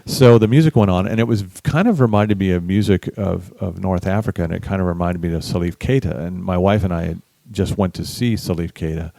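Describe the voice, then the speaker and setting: Low-voiced guy telling an animated story, dry close sound, doing the voices of people he quotes. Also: brisk, creaky, hardly any pauses, no room sound. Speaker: guest musician. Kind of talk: storytelling in a casual interview.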